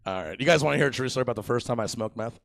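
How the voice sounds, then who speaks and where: A young man doing stand-up on a theater stage, rambling and crude as he mocks himself and jabs at the crowd. His voice has a gravelly edge. The sound is close and dry. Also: mid-range voice, rapid-fire, dry recording. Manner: crude, rambling, self-mocking, crowd work. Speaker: stand-up comedian. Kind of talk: stand-up set.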